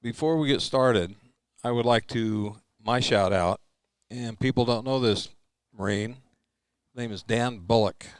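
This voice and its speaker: A man's voice: mid-range voice, measured pace, smooth, no echo. An older man, a guest on a talk show, giving short, blunt answers in casual chat. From United States. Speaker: guest, Vietnam veteran.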